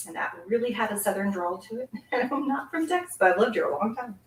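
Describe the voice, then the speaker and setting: A woman's voice: medium pitch, expressive, fast. A middle-aged woman from Canada hosts a casual card-making demonstration, chatting and giggling as she works. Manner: chatty, giggly, talks while working. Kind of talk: casual live craft demonstration. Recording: echoey room, mic set at a distance.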